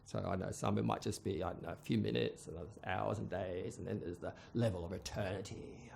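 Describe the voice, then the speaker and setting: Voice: low voice, fairly even intonation, brisk, gravelly, darkish tone, slight background noise. A speaker telling a wry, rambling story in a casual monologue, full of fillers and restarts.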